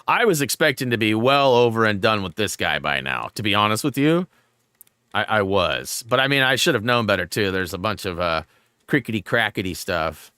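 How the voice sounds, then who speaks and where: A man streams a game and chats with his viewers, his voice bright and smooth and swinging widely in pitch. He rambles from one story to the next with animated energy, recorded close on a dry mic. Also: moderate pace, no echo. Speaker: gaming streamer host. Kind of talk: live-stream gameplay chat.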